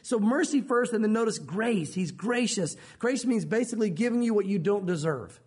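High, husky-voiced male preacher. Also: normal speed. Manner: animated, conversational preaching with acted quotes. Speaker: pastor. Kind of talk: sermon.

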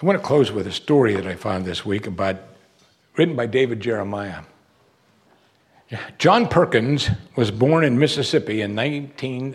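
A man preaching a sermon, earnest and emphatic, pushing his voice up on key words. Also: mid-range voice.

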